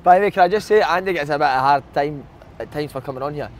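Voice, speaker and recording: A man's voice: a little high, racing, slight background noise. A Scottish man hosting a casual chat, laughing often and telling a funny story.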